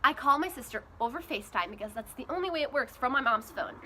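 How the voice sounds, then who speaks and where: A woman's voice: sits high, lively intonation, quick pace, sharp tone, a little hiss or hum. A woman vlogger chatting casually as she retells a story, full of "like" asides.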